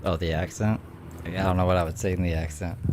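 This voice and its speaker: A man's voice: low voice, flat delivery, fast talker, heavy background noise. A man hosting a livestream, ranting bluntly with heavy profanity. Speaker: livestream host. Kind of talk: casual ranting commentary.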